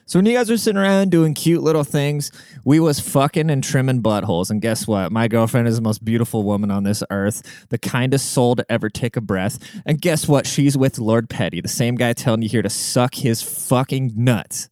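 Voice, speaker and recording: Solo podcast host, young adult man, cocky and foul-mouthed, smooth voice, dry close sound. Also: mid-range voice, moderate pace, a little mellow, dry recording. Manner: brash, profane, swaggering.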